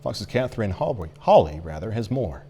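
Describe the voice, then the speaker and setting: A male news anchor reads the evening headlines with a lively, animated voice. He jumps up and down in pitch as he moves through the stories, and he tosses in playful asides between items. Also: moderate pace, husky. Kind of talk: evening newscast reading.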